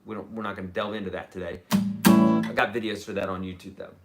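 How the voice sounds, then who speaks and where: A man's voice: lowish voice, flat delivery, a little fast. A man teaching a live-streamed guitar lesson, chatty and explaining, humming riffs as he goes.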